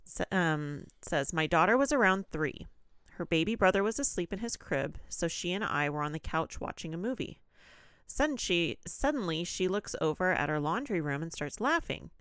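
A woman with a lowish voice reading spooky listener letters for a podcast and chiming in with soft reactions. The sound is dry and close, with no room around it. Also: lively intonation, normal speed, clear, resonant tone, dry recording. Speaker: podcast co-host. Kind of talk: casual chat, reading listener stories aloud.

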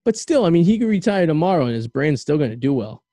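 Rambling male podcast host, mellow voice. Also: on the high side, sing-song, quick pace, no room sound. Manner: rambling, stammering restarts. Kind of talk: casual chat.

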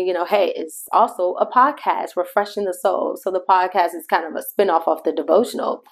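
Woman podcast host, middle-aged, mid pitch, conversational devotional storyteller who talks straight to her listeners. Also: gravelly. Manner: shifts pace between slow emphasis and quick asides.

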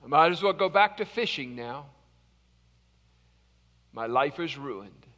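A man's voice: fairly high pitch, expressive, a little slow, fairly bright tone, big-room sound, pitched below the performer's own voice. A man acting out a brash, boastful fisherman disciple who swings into angry denials, in a sermon. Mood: despairing. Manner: boastful then flustered denials.

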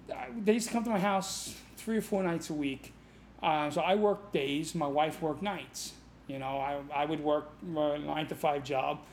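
Guest spot: middle-aged New man, chatty instructor, animated, quick to laugh. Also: fairly high pitch, a little hiss or hum. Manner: animated, laughs often, swears casually. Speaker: martial arts instructor, podcast guest. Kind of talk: casual storytelling.

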